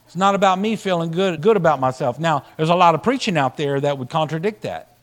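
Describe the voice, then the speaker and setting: A man's voice: a little high, fairly quick. A man preaching a sermon as a pastor. He asks the congregation questions, and his voice swells and drops as he talks. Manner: lively preaching, rising and dropping loudness, asks the crowd questions.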